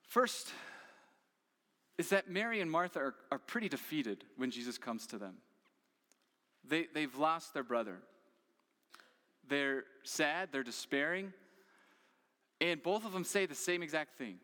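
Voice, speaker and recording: Bright-voiced man preaching in a hall. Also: a little high, expressive, unhurried, pauses often. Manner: earnest preaching with rhetorical questions. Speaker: pastor. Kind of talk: sermon.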